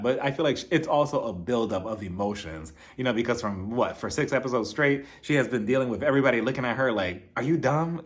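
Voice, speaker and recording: Sassy young man recapping reality TV. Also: mid-range voice. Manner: sassy, animated, mocks cast members in quoted voices. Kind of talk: casual episode recap.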